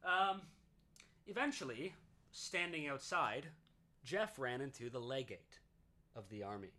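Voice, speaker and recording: A man's voice: mid-range voice, lively intonation, unhurried, sharp tone. A Canadian man hosting a casual history podcast, explaining at length with lots of fillers and self-corrections. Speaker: podcast host.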